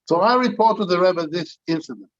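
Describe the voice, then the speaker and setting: A man's voice: high voice, lively intonation, fairly quick, dull audio. An older man, a rabbi, telling an anecdotal story to a community gathering, with frequent restarts.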